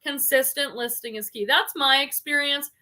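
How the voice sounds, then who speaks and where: Speaking at a normal speed in a high, pushed, bright voice, a reseller hosts a casual livestream. Her free-flowing chat is full of "like" and "um" fillers, and she reads viewer comments aloud.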